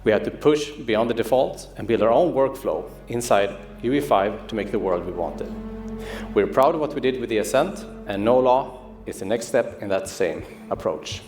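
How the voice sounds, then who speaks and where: A man, a game studio's creative director, giving a polished, measured scripted presentation. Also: lowish voice, animated, darkish tone. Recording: roomy studio video with music underneath. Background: music.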